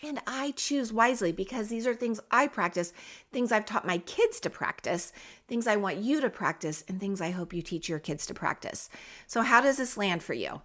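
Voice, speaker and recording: A woman's voice: medium pitch, animated, moderate pace. A middle-aged woman hosting a parenting podcast who talks straight to the listener in an encouraging, coaching way. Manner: warm, coaching tone, direct address to parents. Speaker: podcast host.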